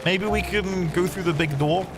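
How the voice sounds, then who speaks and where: A man's voice: sits high, moderate pace. A man who streams games, talking casually and rambling through his play, swearing lightly now and then. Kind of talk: casual gameplay commentary. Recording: game music playing behind the voice. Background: game music.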